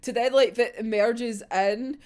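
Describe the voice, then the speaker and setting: A woman's voice: on the high side, fairly even intonation, measured pace, darkish tone. A young woman chatting through a manga chapter in a gushing, giggly, sweary way, as a casual fan reviewer.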